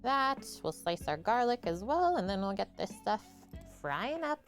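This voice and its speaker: A woman's voice: mid-range voice, big pitch swings, a little slow, faint music behind. A woman hosting a live cooking stream in a home kitchen, chatting casually and explaining each step as she cooks.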